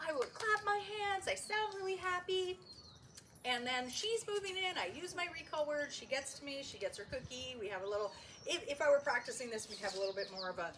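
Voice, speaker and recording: A woman dog trainer explaining puppy recall in a chatty, upbeat way, breaking into a high excited sing-song when she calls the puppy. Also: a little fast, slight background noise. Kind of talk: casual training tutorial. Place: indoor training space with puppies.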